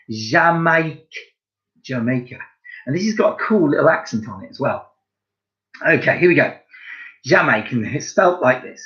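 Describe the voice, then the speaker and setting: A man teaching a recorded home-learning lesson to young children, slow and encouraging, spelling out words letter by letter. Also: medium pitch, expressive, a bit bright, muffled recording. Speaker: primary school teacher.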